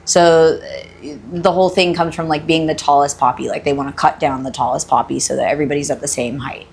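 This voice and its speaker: A woman's voice: low-pitched, fairly even intonation, brisk, vocal fry, darkish tone, slight background noise. A woman in her twenties who grew up in Australia, chatting as a podcast guest in a rambling, self-correcting, jokey way. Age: 20s. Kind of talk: casual chat.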